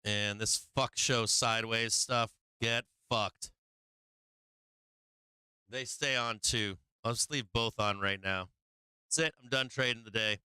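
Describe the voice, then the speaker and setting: A man's voice: medium pitch, pushed and bright, smooth, dry recording. A man hosting a live trading stream, venting and swearing about his trades. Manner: frustrated, swearing, venting, laughing to himself.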